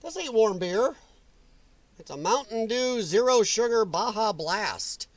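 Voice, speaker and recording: High-pitched, heated ranting man. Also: lively intonation, unhurried, no echo. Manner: heated, sarcastic, mocking. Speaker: political commentary host. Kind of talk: livestream rant.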